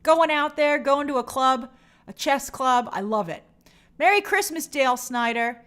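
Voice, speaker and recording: A high-pitched woman hosts a casual livestream. She chats upbeat and friendly, reading out viewer comments one after another. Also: lively intonation, a little slow, fairly bright tone. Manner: upbeat, chatty, reads viewer comments aloud. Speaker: host reading live chat.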